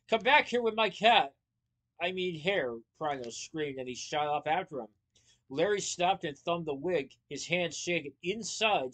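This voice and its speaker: A man reading a children's novel aloud, lively, with small slips and playful asides. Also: fairly high pitch. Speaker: storyteller.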